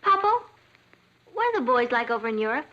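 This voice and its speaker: An actress playing a bubbly, excitable teenage girl in a 1960s sitcom, eager and wisecracking. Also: on the high side, brisk, dull audio, a little hiss or hum. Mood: excited. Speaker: daughter.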